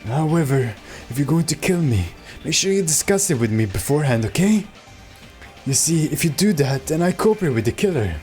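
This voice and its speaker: Soft unsettling young man, read by a streamer, polite, lively pitch, game dialogue. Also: brisk, faint music behind, lightly acted. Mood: eerie calm. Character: creepy, calm young man obsessed with hope. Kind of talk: reading game dialogue aloud.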